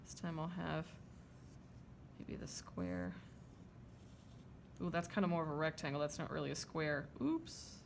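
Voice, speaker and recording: A woman's voice: sits low, a little fast, creaky, few pauses, noisy background. A woman art teacher talking through a drawing demonstration, chatty and checking in with her students as she draws. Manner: chatty, checks in with "okay?" and "right?".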